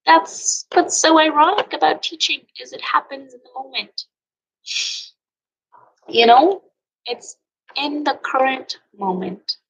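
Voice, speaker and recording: A woman yoga teacher giving an earnest, emotional motivational talk, sometimes dropping into soft near-whispers. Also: high voice, animated, takes it slowly, creaky, long pauses, rough recording. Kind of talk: personal motivational monologue.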